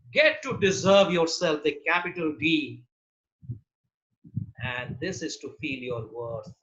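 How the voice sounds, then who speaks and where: Man giving a pep talk workshop, high bright voice, short punchy lines, dull lo-fi sound. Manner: emphatic, punchy short exhortations. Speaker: leadership trainer.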